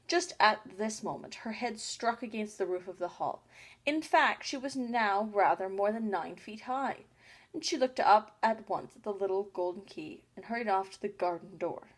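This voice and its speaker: Lady reading a kids storybook out loud, plain and easygoing, stumbles a bit here and there. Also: medium pitch. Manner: plain, unhurried reading with small slips. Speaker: audiobook reader. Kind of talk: storybook narration.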